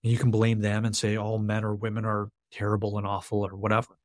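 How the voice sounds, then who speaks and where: A man's voice: fairly low pitch, monotone, fast, no room sound. Earnest man explaining, dry sound. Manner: earnest, explanatory, repeats key phrases. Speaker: podcast guest. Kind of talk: conversational interview.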